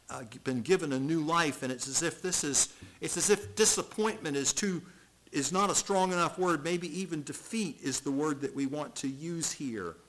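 A middle-aged male pastor preaching an expository sermon, reading scripture aloud and repeating words as he swings from loud to hushed. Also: medium pitch, rough recording.

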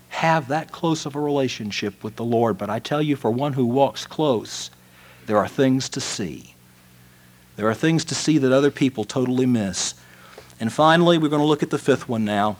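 Male preacher, sermon delivery, mid-pitched voice, dramatic swings in loudness. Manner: dramatic storytelling, swings from loud to hushed.

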